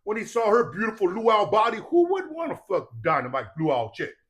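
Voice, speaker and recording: A man's voice: high-pitched, wildly swooping pitch, brisk, a bit bright. A man telling stories as a podcast guest in casual talk, profane and preachy, often stopping to ask if listeners understand. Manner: profane, preachy, keeps asking "you understand that?".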